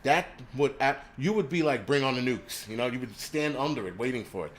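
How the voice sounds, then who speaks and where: A man's voice: medium pitch, expressive, brisk. A man hosting a livestream, ranting crudely and rambling while he answers viewers' chat. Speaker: livestream host.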